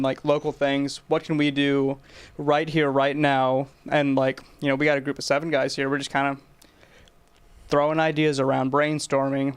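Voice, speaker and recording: A man's voice: on the high side, smooth. A man in a casual group chat, talking in an earnest, rallying way. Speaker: guest.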